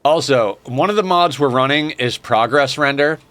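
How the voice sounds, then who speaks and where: A man's voice: mid-range voice, normal speed, fairly bright tone, no room sound. A man streaming a game, chatting casually and enthusiastically with lots of fillers, still in his groggy morning voice. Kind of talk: casual gameplay commentary.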